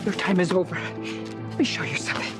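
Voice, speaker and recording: A woman's voice: lowish voice, brisk, loud music behind the voice, natural voice. An actress playing a furious wife who confronts her husband's former lover, speaking in emphatic, accusing lines in a daytime soap opera. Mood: angry.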